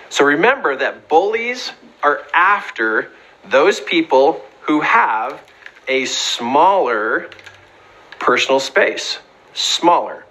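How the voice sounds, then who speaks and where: Lively, bright-voiced man giving advice. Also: a little high, low-quality recording. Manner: earnest, emphatic, acts out quoted voices. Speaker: speaker giving advice on bullying. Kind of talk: motivational talk.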